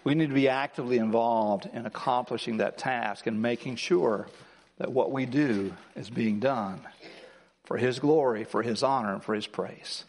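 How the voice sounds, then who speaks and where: A man preaching a Christmas sermon as pastor, swinging between emphatic, rising declarations and slow, soft reflection. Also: medium pitch, big-room sound. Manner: builds to emphatic, rising lines, then slows and softens. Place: church sanctuary.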